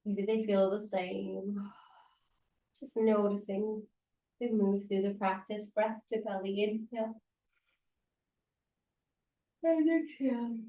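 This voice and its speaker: A woman's voice: medium pitch, level tone, mellow. Soothing woman guiding a yoga class. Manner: soothing, encouraging, unhurried cues. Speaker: yoga teacher. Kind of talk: guided yoga class instruction. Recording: roomy sound from a distance.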